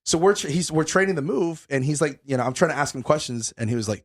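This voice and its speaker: A young man, a podcast host, telling a story in casual chat, animated and swearing a lot, still out of breath. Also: on the high side, quick pace.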